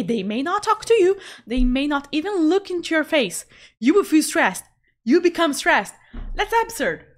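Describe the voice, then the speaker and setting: Woman art streamer, high voice, relaxed chatter, frequent laughs, repeats words for emphasis. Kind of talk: casual chat while drawing.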